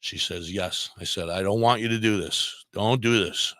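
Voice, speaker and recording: A lower-pitched man with a forceful, tense edge to his voice tells a story as a podcast guest. He slips into the voices of the people he quotes. The sound is dry and close, with no room echo. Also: normal speed. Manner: animated, acts out quoted dialogue. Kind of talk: casual storytelling. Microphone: podcast microphone.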